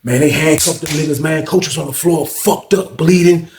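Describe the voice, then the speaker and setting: Gravelly man telling a profane story. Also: on the high side, moderate pace, a little mellow. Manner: profane, slangy, repetitive, addresses viewers. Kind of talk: casual storytelling. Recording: roomy echo.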